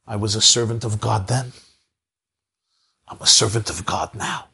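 Defiant faithful prisoner, voiced by a man, low and firm, gravelly. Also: steady tone, a little slow, pushed and bright, heavily acted.

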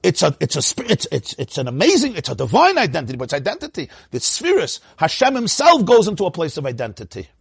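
Animated husky man teaching a class. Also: quick pace, hardly any pauses, dry recording, studio quality. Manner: animated, laughs often, swoops up into a high voice.

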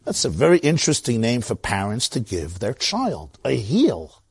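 Animated man with a Brooklyn accent. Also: medium pitch, normal speed, breathy edge, no echo, clean studio sound. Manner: animated storytelling, acting out voices. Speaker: teacher of Torah. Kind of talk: Torah lecture.

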